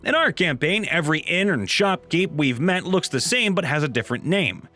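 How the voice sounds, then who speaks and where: A man reading viewers' stories aloud in an animated, playful way. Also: fairly high pitch, moderate pace, faint music behind. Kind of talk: reading online comments aloud.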